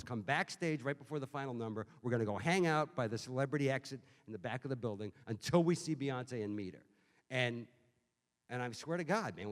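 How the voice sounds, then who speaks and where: A middle-aged man from telling profane, animated comic anecdotes at a book event. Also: medium pitch. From Boston. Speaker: author guest. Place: bookstore event hall. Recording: reverberant hall, live audience.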